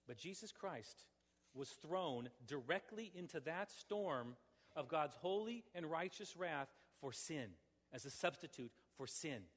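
A man preaching a sermon as pastor, swinging between forceful declarations and soft, pleading appeals. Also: fairly high pitch, animated, unhurried, big-room sound.

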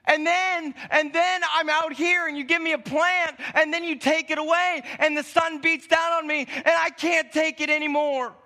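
A man acting out an indignant male prophet in a sermon, ranting in a very high, bright voice. He sounds exasperated and fed up, his complaints spilling out in a raised, sharp tone. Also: fairly even intonation, normal speed, few pauses, heavily acted.

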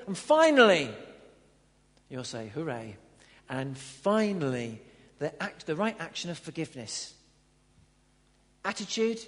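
A man preaching a sermon in a church hall, earnest, swinging between loud emphatic lines and quiet low ones. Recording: long hall reverb.

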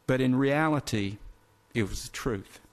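A man preaching a sermon, earnest and direct, asking the congregation rhetorical questions and slowing down to stress key phrases. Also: medium pitch. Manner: earnest, addresses listeners as folks, asks rhetorical questions.

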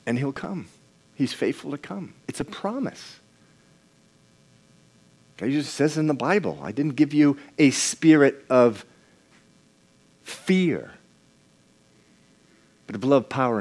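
A man with a fairly high, fairly bright voice preaches a sermon conversationally, putting questions to the congregation and often repeating and restarting words.

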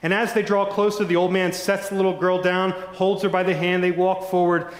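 Brief: dramatic male preacher, fervent to hushed, fairly high voice, reverberant church hall. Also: fast talker, hardly any pauses. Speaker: pastor. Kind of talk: sermon. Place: church sanctuary.

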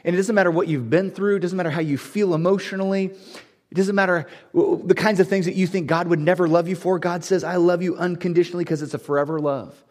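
A man preaching a sermon to a congregation, building to loud, emphatic, repeated lines. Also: sits high, steady tone, brisk. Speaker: pastor.

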